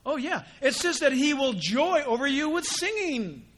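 A male pastor preaching a sermon in an animated way, acting out mock dialogues. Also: very high-pitched, normal speed.

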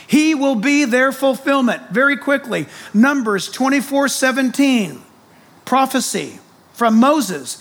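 A man preaching a sermon as pastor, excited, loud and emphatic. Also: very high-pitched.

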